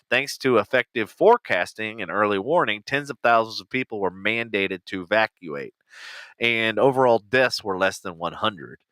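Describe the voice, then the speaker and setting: A man's voice: lowish voice, sharp tone, smooth, dry recording. A man co-hosting a podcast, reading posts aloud in casual chat, swearing freely and laughing along. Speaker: podcast co-host.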